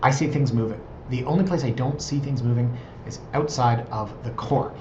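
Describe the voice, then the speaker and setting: A man's voice: medium pitch, moderate pace, roomy sound, dull audio, noisy background. A man in his thirties, a real estate agent, talking casually and digressively in a vlog from his office. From Canada. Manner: chatty, digressive, self-deprecating.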